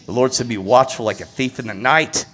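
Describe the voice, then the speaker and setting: A man on a passionate, indignant religious rant, repeating his exasperation and rising to loud peaks. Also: medium pitch, a little fast, soft background music. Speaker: vlogger.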